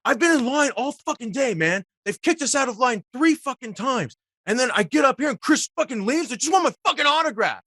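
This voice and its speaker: A man's voice: extremely high pitch, lively intonation, fairly quick, dry recording, pitched above the performer's own voice, full character voice. A man acting out a furious male fan who screams and swears at a signing table. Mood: enraged. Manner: swearing, shouting.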